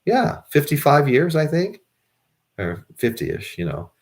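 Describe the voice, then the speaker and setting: A man's voice: a little high, huge pitch swings, a little slow. An American man, middle-aged, chatting casually to his viewers in a rambling way with many restarts. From United States. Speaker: vlogger. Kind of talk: casual chat to camera.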